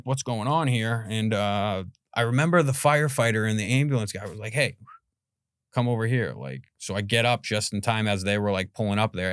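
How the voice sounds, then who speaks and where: A Boston man in his forties, guesting on a podcast, tells a rambling, casual story full of "like," "you know" and the occasional swear word. His voice sits in the mid range, recorded with clean studio sound and no echo.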